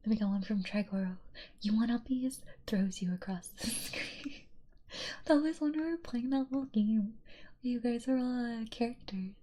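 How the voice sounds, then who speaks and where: A young woman streamer reading chat aloud in a soft, giggly whisper, in a whispered role-play style. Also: fairly high pitch, normal speed.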